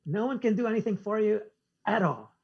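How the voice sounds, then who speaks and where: Husky man telling a story. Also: high voice, expressive, brisk, lo-fi sound. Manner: acts out conversations in quoted dialogue. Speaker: podcast guest. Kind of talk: casual storytelling interview.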